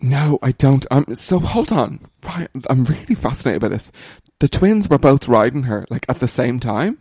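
A man co-hosting a casual chat, recorded close and dry. He reacts with quick, teasing remarks and playful disbelief. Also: mid-range voice, expressive, darkish tone, breathy edge, dry recording. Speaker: podcast co-host.

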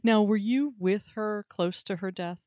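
A woman's voice: mid-range voice, a little slow, mellow, no echo, studio quality. A woman hosting an interview, earnest and enthusiastic, with frequent fillers and restarts. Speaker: podcast host.

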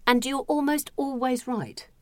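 A woman's voice: sits high, fairly even intonation, a little slow, no echo. A woman chatting casually as a guest, often restarting and repeating her words. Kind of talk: casual chat.

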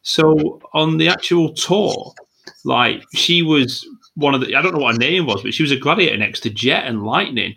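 Brief: animated male host, wide pitch swings, sharp and gravelly. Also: moderate pace, slight background noise, low-quality recording. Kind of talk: casual chat.

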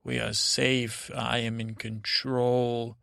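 A proud, temperamental queen from a bedtime tale, as a man puts her on. She rambles and restarts in a gravelly voice, recorded close and dry. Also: mid-range voice, little pitch movement, a bit bright, no echo, full character voice. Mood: commanding. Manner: rambling, halting, full of restarts.

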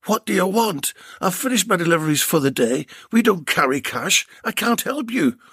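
A man's voice: high-pitched, lively intonation, normal speed, a bit bright, husky, no room sound, clean studio sound, voice pushed up, exaggerated voice. A man voicing a frightened van driver pleading in an audio story. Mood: terrified.

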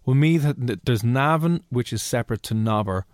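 An Irish man with a Dublin-Cheshire blend, his pitch swinging widely as he jokes and teases his co-host. The sound is dry and close, with no room to it. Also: animated, normal speed, darkish tone, dry recording. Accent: mix of Dublin and Cheshire. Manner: jokey, teasing, throws in mock voices. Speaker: radio podcast co-host. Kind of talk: casual chat.

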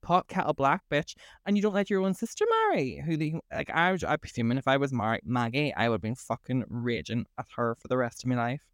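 A man's voice: mid-range voice, a little fast, few pauses, clear, resonant tone, no echo, clean studio sound. A man, co-hosting a podcast and ranting in casual, sweary chat. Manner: sweary, ranting, animated storytelling. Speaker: podcast co-host.

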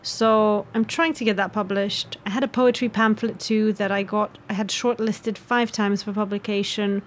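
A young woman from Romania, a guest talking frankly and lively in a casual interview. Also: mid-range voice, moderate pace, a little hiss or hum. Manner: lively, frank, laughs easily. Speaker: guest, actress and writer.

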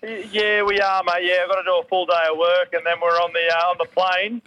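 An Australian man with a loud, laughing way of talking, calling in from a train and joking crudely with the hosts. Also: high-pitched, level tone, brisk, highs cut off. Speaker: co-host calling in. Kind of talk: casual banter. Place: on a train, public transport.

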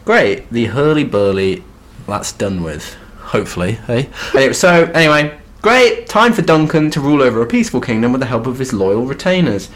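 A man's voice: medium pitch, expressive, fairly quick. A man co-hosting a literature podcast, tossing in dry quips and jokes. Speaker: podcast co-host. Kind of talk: comedic banter.

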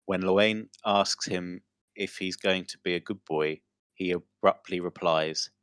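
A man's voice: sits low, fairly even intonation, unhurried, clear, resonant tone, no echo, studio quality. A young man co-hosting a podcast, reading a funny news story aloud in casual chat and often breaking into laughter. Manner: giggly, breaks into loud laughter while reading. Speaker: podcast co-host.

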